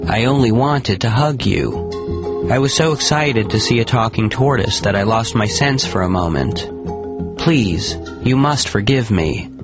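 A man's voice: on the low side, expressive, a little slow, lo-fi sound, music in the background. A man voicing a sly, hungry stranger who speaks in a wheedling, falsely friendly way.

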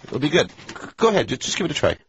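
A man's voice: fairly high pitch, wildly swooping pitch, racing, vocal fry, fairly bright tone, slightly rough, full character voice. A man playing a pushy, boastful friend who shows off his schoolboy French in a scripted radio comedy. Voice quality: smug, teasing, self-assured. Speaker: eager friend offering to translate.

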